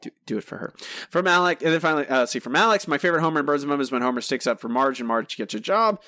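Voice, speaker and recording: A man hosting a podcast, reading listener answers aloud in a relaxed, chatty way with some self-corrections. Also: on the high side, very fast, dry recording, studio quality. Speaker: podcast host.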